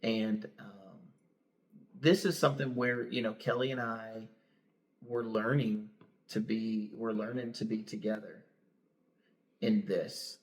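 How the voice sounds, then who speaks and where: A man's voice: lowish voice, level tone, takes it slowly, pauses often. A middle-aged man, a pastor co-hosting a podcast, telling stories in a plain, straightforward way and laughing easily. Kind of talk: casual chat.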